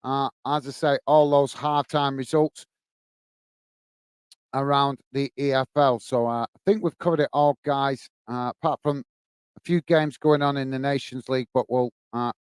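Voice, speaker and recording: A man hosting a live football stream, commentating on play and chatting warmly with viewers, with frequent fillers and "mate"s. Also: medium pitch, fairly even intonation, moderate pace, clean tone, no echo. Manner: chatty, greets viewers by name, many fillers. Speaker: host of a fan live stream.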